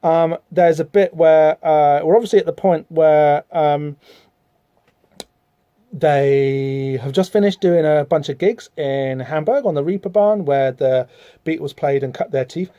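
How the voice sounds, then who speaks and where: A man's voice: on the high side, unhurried, warm tone, smooth, dry recording. Chatty man, muffled sound. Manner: rambling, chatty, many fillers, reads out dialogue in voices. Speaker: podcast host. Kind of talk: casual comic-book discussion.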